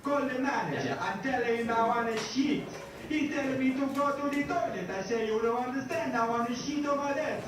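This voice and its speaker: Man voicing a comic Italian tourist, high and cheeky, broken English, recorded far off in a noisy echoing room. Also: moderate pace, hardly any pauses. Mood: joking. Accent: Italian (put on). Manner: broken English, storytelling punchlines. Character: bumbling Italian tourist man telling a joke.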